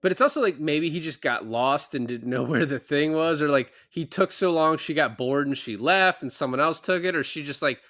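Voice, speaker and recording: A man's voice: a little high, brisk, hardly any pauses, a bit bright, dry recording, clean studio sound. A man co-hosting a podcast, rambling casually about a movie and laughing often. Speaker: podcast co-host.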